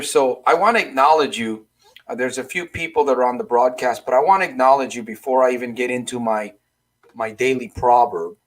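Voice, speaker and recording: Guy doing a live coaching stream, mid-pitched, rambly, keeps asking the audience the same question twice. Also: a bit bright. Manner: rambling, repeats questions to the audience, frequent restarts. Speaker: life coach hosting a live broadcast. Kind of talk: casual motivational livestream talk.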